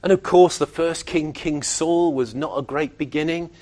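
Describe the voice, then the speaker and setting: A man preaching a sermon, emphatic and animated, often acting out the voices of other people. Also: fairly high pitch, normal speed.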